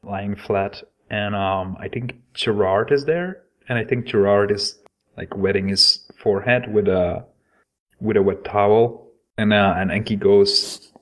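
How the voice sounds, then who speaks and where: Low-voiced man describing scenes. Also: measured pace. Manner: describes scenes panel by panel, with fillers. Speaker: player. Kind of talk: casual tabletop game chat.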